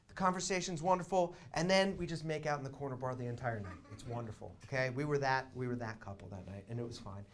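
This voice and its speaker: A young man doing stand-up storytelling in a small theater, swinging between quiet asides and loud excited bursts. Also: mid-range voice, fast talker, few pauses. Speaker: comedian.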